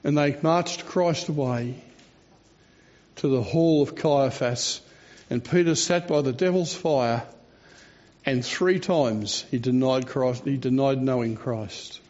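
A man preaching a sermon, telling the story expressively with dramatic slowdowns. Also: mid-range voice, a little mellow. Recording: dull lo-fi recording.

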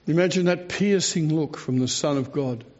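A man preaching, his voice pitched a little high, who tells the story with feeling and slows down for dramatic moments. The sound is dull and lo-fi, like an old church recording. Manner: expressive storytelling with dramatic slowdowns. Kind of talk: sermon.

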